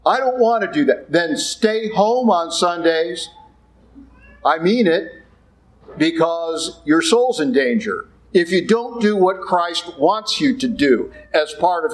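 A man's voice: a little high, low-quality recording. A man, a Catholic priest, giving a conversational sermon with blunt asides, now and then acting out the voices he quotes.

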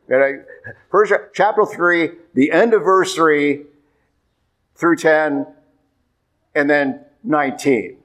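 A priest preaches in a plain, everyday voice. His delivery is conversational, and he suddenly pitches up high to hammer home a point. He sits at a middling pitch for a man. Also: low-quality recording. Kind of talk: sermon.

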